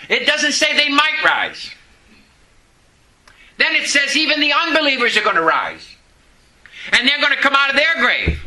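Male pastor, sermon, storytelling, call-and-response, sharp bright tone. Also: high-pitched, big pitch swings, moderate pace, a little hiss or hum, low-quality recording.

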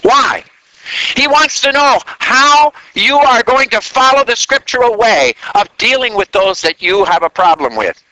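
A man preaching a sermon in an animated way, drawing call-and-response answers from the congregation. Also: very high voice, measured pace, rough recording.

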